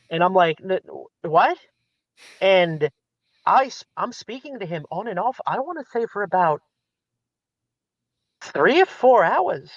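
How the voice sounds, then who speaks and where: A man guest telling a long story in casual chat, rambling and animated, acting out the lines of others. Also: high-pitched, normal speed, no room sound. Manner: rambling, animated retelling with quoted dialogue. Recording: slightly dull lo-fi sound.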